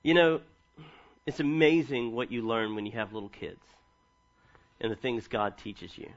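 Speaking at a moderate pace in a mid-range voice, this thirties-aged pastor delivers a sermon full of scripture readings and humorous tales from home life. The audio is dull, but his storytelling stays lively and funny.

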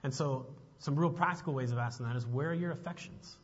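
A man preaching a sermon as a pastor, moving between relaxed chat and pointed, emphatic questions. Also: mid-range voice, quick pace, husky. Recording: muffled sound with long reverb.

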